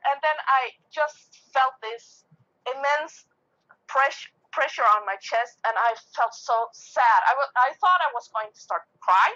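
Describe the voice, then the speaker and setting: A woman's voice: high-pitched, a little slow, bright, forceful tone. Giggly woman on a lo-fi phone line. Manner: giggly, laughs often while telling. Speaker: guest medium and empath. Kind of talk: casual storytelling over a phone line.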